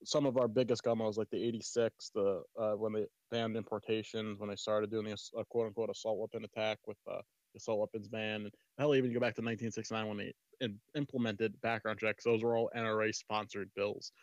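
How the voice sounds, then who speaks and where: Fast-talking man on a dull mic. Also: fairly low pitch, flat delivery, no room sound. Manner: rambling, emphatic, profane. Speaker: panel guest. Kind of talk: casual debate chat.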